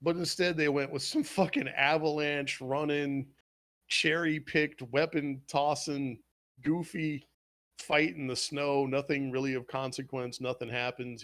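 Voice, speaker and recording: A man's voice: on the high side, unhurried. A man hosting a podcast, casually swearing as he eagerly retells an anime plot. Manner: profane, animated storytelling retelling scenes. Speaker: podcast host.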